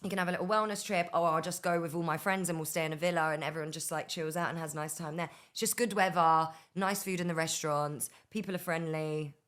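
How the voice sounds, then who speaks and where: A woman in her thirties from Bristol chats as a guest, with a London-tinged accent. Her voice sits low and her talk runs fast, full of quick asides and laughs. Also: fairly even intonation, a bit bright. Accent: London-influenced English. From Bristol, England. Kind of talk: casual chat.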